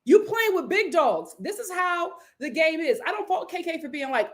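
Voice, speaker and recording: A young adult woman giving a sassy, emphatic live recap of a reality show, acting out the cast's lines in quick asides. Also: high voice, expressive. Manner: sassy, emphatic, quotes cast members in voices.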